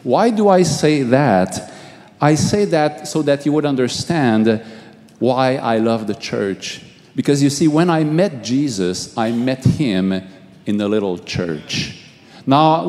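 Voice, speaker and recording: A middle-aged man, a pastor, giving a halting testimony sermon, repeating words and swinging from hushed to raised. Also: mid-range voice. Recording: long hall reverb.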